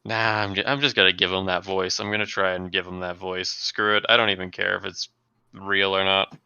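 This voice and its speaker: A man running a tabletop role-playing game as game master, narrating the story for his players and sometimes dropping to a hush. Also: low-pitched, flat delivery, a little fast, vocal fry, smooth, dry recording, lo-fi sound. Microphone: desk mic on a live stream.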